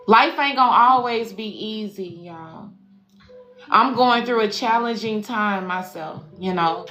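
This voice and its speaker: On a casual tarot reading livestream, a woman with a fairly high, fairly bright voice speaks at a measured pace. The spiritual life coach and intuitive reader is profane yet affectionate, calling viewers y'all and baby, from an echoey room with faint music.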